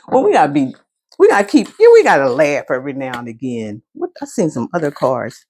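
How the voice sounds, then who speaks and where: A woman with a low-sitting, slightly mellow voice and a breathy edge gives a casual tarot reading, very animated and a little fast. She's blunt and profane, answering back to her own remarks.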